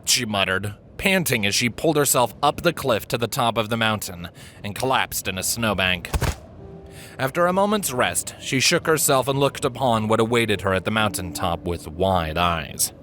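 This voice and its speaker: A man narrating a fan story aloud in a lively, expressive storytelling manner. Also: lowish voice, moderate pace, slight background noise. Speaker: reader.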